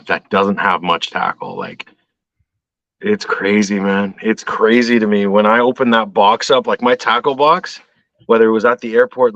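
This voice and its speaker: Over dull, dry call audio, a guest from Canada with a lowish voice chats casually on a show. He tells his stories with animation, performing the different characters' voices.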